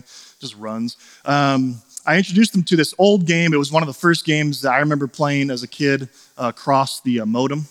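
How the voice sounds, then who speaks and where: Guy in his 30s preaching, kinda high voice, chatty stories then gets fired up, big echoey hall. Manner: storytelling, rising to forceful preaching. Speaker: pastor. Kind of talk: sermon.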